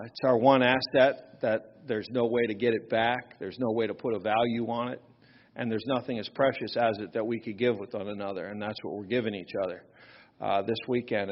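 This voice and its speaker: A man's voice: mid-range voice, big-room sound. A man speaking casually to a workshop audience, chatty and self-deprecating, often checking in with "right?" asides. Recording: slightly dull, lo-fi recording.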